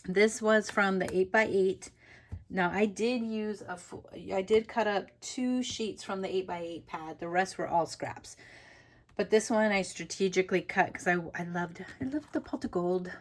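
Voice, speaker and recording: A woman's voice: mid-range voice, measured pace. Woman, craft tutorial host, chatty, giggly, rambling, casual home talk. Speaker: papercraft channel host.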